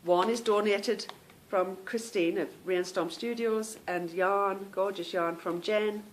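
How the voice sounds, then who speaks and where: A woman's voice: medium pitch, steady tone, slow, a little hiss or hum. A woman hosting a podcast, chatting casually at home and calling her listeners "girl" and "girlies". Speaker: podcast host. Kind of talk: casual chat.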